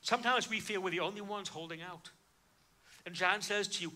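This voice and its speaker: Bright, high-voiced emphatic male preacher. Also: fairly quick. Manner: emphatic, swings between hushed and loud. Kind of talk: sermon.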